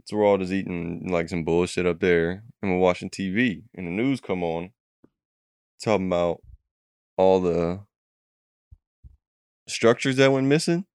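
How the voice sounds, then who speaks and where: A young man with a low, smooth voice tells a rambling tale among friends, swearing constantly and slipping into quoted voices. The sound is dry and close. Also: unhurried, long pauses, no room sound. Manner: profane, animated storytelling with acted quotes. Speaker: storyteller recounting a dream. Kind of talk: casual chat.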